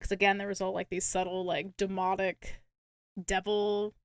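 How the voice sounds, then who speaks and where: A woman's voice: mid-range voice, normal speed, no echo. Young woman gushing through a movie recap, swears a lot, dry close mic. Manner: animated, swearing, acting out characters' lines. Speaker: podcast co-host. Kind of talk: casual movie recap chat.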